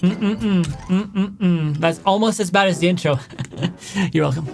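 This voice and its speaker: A young man making a casual reaction vlog, chatty and animated, often calling his viewers "guys.". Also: high-pitched, slow pace, creaky, over loud music. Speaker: YouTuber reacting to sound clips.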